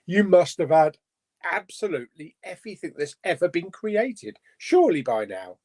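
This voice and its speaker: A man's voice: sits high, big pitch swings, normal speed, a little mellow. A man hosting a casual live stream chat, reading out viewer comments and chatting about them.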